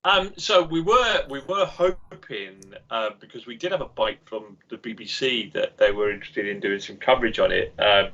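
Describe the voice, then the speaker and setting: A man, a games company founder, talking as a guest in a casual podcast interview over a video call, an animated storyteller who acts out voices. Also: medium pitch, normal speed, hardly any pauses. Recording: dull lo-fi video call audio.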